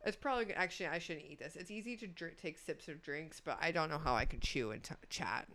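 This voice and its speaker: A woman's voice: deep voice, fast talker, fairly bright tone, a little hiss or hum. Giggly rambling young woman. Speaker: podcast co-host. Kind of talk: casual chat reviewing a dating show.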